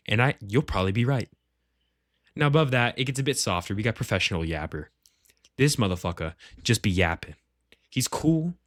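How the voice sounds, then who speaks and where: A man's voice: mid-range voice, no echo, clean studio sound. A man ranking members of his gaming group in casual, rambling commentary, full of slang and swearing. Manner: profane, rambling, slangy banter. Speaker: gaming clan leader. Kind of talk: casual tier-list commentary. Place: at home, shared with family.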